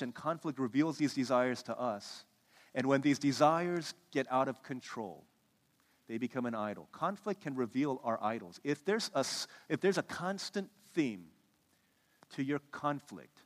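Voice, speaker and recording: Animated preacher in a reverberant hall. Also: male voice, medium pitch. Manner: animated, acts out quoted voices. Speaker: pastor. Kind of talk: sermon.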